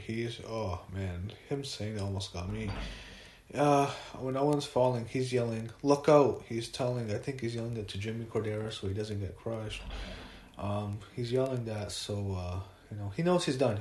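A man giving a casual spoken review, retelling events haltingly with many fillers and restarts. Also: fairly low pitch, a little mellow, echoey room, a little hiss or hum.

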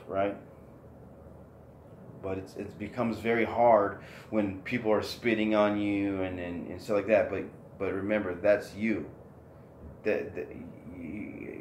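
Earnest low-voiced man in echoey room. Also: slight background noise. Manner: rambling, earnest, many restarts and "okay?". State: emotional, near tears. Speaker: online religious talk host. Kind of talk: informal scripture talk.

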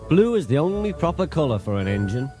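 A man's voice: medium pitch, lively intonation, moderate pace, close to an everyday voice. A man voicing a cheeky, boastful male tank engine in a storybook reading, with music behind. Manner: boastful, cocky.

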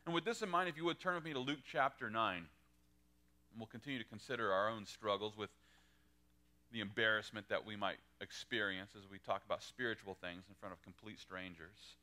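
Man, pastor, sermon, lively delivery, bright clear voice. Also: brisk. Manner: animated, acts out quoted lines with pitch jumps. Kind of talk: verse-by-verse sermon.

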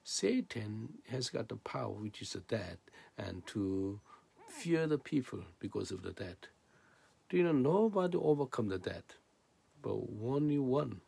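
A man's voice: medium pitch, vocal fry, warm tone, breathy edge, dry recording. A man preaching a sermon in non-native English, reading scripture and then explaining it with rhetorical questions.

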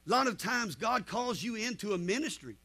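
A man's voice: sits high, expressive, fairly quick, bright, forceful tone, breathy edge. A man with a Southern US accent preaching a sermon as pastor, telling stories and punctuating with amens. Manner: preaching with frequent amens, storytelling.

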